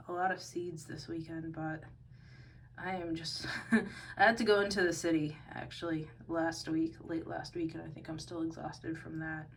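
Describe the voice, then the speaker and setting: Woman vlogger, weary and a bit breathless, lowish voice, rambling chat, faint hiss in the background. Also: poor audio. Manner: soft, meandering, many fillers. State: tired, out of breath. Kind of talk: casual plant-care vlog. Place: home among houseplants, indoors.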